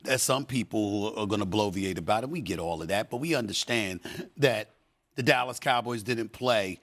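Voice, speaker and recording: A man's voice: lowish voice, normal speed, fairly bright tone. A man hosting a sports debate show, talking emphatically and repeating phrases for effect.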